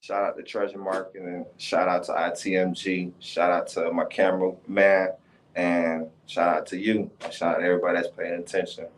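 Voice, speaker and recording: A man guesting as a rapper on a podcast, laid-back and quick to laugh. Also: low-pitched, little pitch movement, a little hiss or hum. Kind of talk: casual interview chat.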